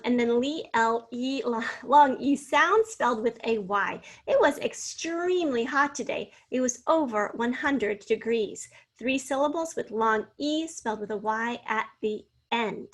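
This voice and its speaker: Woman teaching spelling, slow and clear. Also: fairly high pitch. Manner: slow, clearly enunciated, sounding out words. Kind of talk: spelling lesson.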